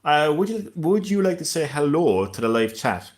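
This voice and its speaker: A man's voice: on the high side, very animated, moderate pace. A man hosting a gaming live stream in casual chat, hesitant and stammering, with frequent laughs.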